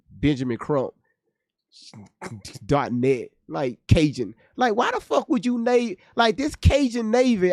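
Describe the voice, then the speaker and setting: A man's voice: mid-range voice, a little mellow, no room sound, studio quality. A man hosting a casual livestream, joking and cursing as he reads viewers' chat aloud. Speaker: livestream host reacting to news.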